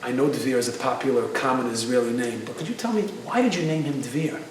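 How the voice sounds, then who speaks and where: A man's voice: mid-range voice, fast talker, slight background noise, close to an everyday voice. A man speaking as a bereaved mother who asks questions politely and apologetically. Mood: hesitant. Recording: echoey hall, distant mic.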